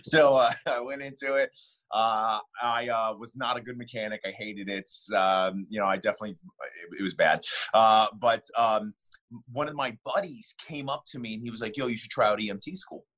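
A man as a podcast guest, relaxed and chatty, often saying "man" and "bro". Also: fairly low pitch, normal speed. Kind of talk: casual interview.

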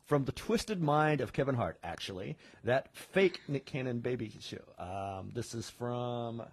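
Husky man, laid-back podcast co-host. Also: medium pitch, animated, a little slow. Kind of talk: casual podcast chat, reading out news items.

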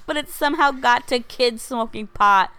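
A woman's voice: fairly high pitch, moderate pace, pushed and bright, clean tone, no room sound. A young woman co-hosting a podcast, telling funny stories in a casual chat and often laughing through her words. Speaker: podcast co-host.

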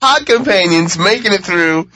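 A man hosting a casual podcast panel, leading the votes and thinking out loud. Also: high-pitched, expressive, moderate pace, background noise. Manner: leads the votes, muses aloud. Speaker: podcast host.

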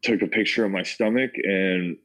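Man, American accent, very low voice, casual testimony storytelling, lots of fillers. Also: steady tone, moderate pace, a bit bright, rough recording. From United States. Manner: casual, filler-heavy, says "like" and "man" often. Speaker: interview guest.

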